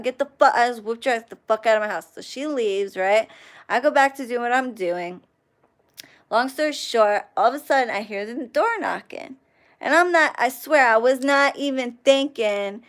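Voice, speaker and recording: A young woman hosting a casual livestream, telling a profane, animated story and thanking chat viewers along the way. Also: a little high. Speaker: livestream host.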